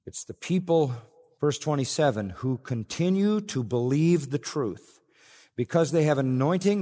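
A man's voice: on the high side, lively intonation, a little slow, warm tone. A man preaching an expository sermon, earnest and emphatic, often repeating key phrases. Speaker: pastor. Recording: long reverb of a large hall.

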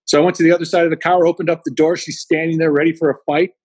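A middle-aged man, a guest speaker, telling animated anecdotes in an interview and acting out the quotes. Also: fairly high pitch, very fast, slightly rough, no echo, rough recording. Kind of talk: storytelling in an interview.

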